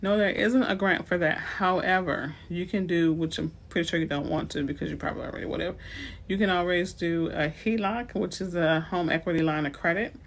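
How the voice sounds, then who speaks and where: A realtor from New Orleans, USA, speaks with a New Orleans accent, giving chatty, playful advice on a live stream with asides to viewers. Her voice is on the low side and brisk.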